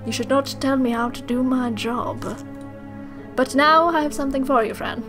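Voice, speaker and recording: A woman's voice: high voice, fairly even intonation, normal speed, music in the background, natural voice. A woman doing a stern male asylum doctor.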